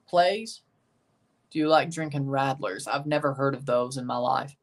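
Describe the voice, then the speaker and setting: A man's voice: medium pitch, fairly even intonation, unhurried. Man, mid-range voice, casual watchalong chat, sarcastic asides, reads chat aloud. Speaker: livestream host reacting to a soccer match. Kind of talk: casual live watchalong commentary.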